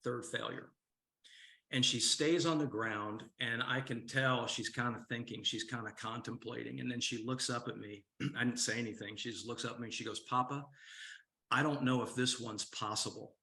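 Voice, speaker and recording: A man's voice: mid-range voice, steady tone, moderate pace, creaky, pushed and bright, reverberant. An older man, a coach, telling a story and asking the audience questions in a motivational talk to a men's group.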